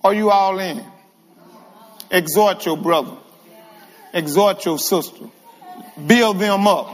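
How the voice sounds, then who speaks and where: High-voiced, animated male preacher. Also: slow. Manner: animated, humorous, calls out to the congregation. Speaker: guest preacher. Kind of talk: lively church sermon. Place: church sanctuary with reverb. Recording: long hall reverb in church.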